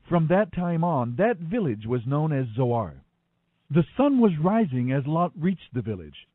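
A man giving an expressive, dramatic scripture reading. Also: a little high, unhurried, dry recording. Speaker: Bible reader. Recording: tinny phone-like dry sound.

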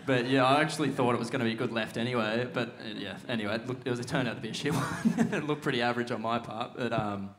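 A man's voice: mid-range voice, quick pace, a bit bright, a little hiss or hum. Laid-back young Australian man laughing. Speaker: guest, pro surfer. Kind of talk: casual podcast chat.

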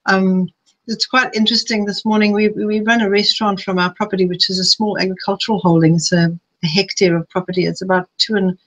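A middle-aged woman presenting live to a webinar audience. She talks in a chatty, personal way, and now and then reels off long quick lists. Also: medium pitch, highs cut off. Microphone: streaming live.

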